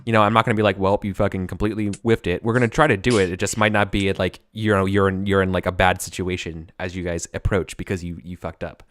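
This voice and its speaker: Bright-voiced man running a tabletop game. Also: sits low, level tone, fast, hardly any pauses, no room sound. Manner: casual, rambling, swears freely. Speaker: game master.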